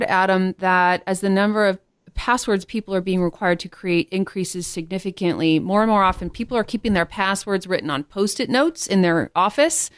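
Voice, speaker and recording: A woman's voice: mid-range voice, clear, resonant tone, no room sound. A woman hosting a finance podcast interview, explaining terms to listeners and asking her guest direct questions. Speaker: podcast host.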